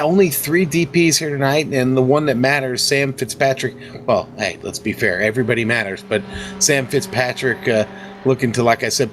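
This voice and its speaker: A man's voice: mid-range voice, noisy background. A man co-commentating a sim race who also drives in it, talking in a casual, friendly way as he reads the grid. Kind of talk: sim racing broadcast commentary.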